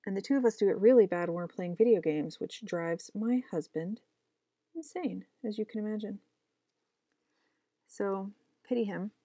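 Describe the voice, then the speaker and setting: A woman's voice: mid-range voice, moderate pace, long pauses, mellow, no room sound, clean studio sound. A young adult woman chatting casually while she draws comics, rambling, mocking herself and talking to herself as she works. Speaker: comic artist vlogger. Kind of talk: casual chat while drawing.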